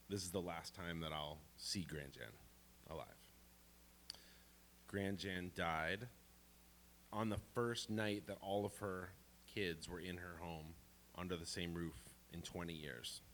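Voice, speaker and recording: A man with a deep voice recounts a personal story at a live storytelling showcase. He is animated and playful, dropping humorous asides. A faint noise sits under the recording. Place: library event stage.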